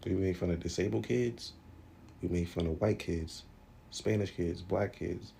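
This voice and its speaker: Young guy ranting, real deep gravelly voice, blunt and fed up, bit of hiss behind. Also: fairly even intonation, measured pace, dark tone. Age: young adult. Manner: blunt, exasperated, swears freely. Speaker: commentator. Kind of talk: casual social media rant.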